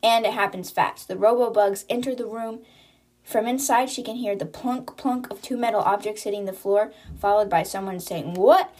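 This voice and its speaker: Woman, podcast host, casual book recap, chatty retelling, mid-pitched voice. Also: normal speed, a little mellow. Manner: retells scenes chattily with "she's like" quotes.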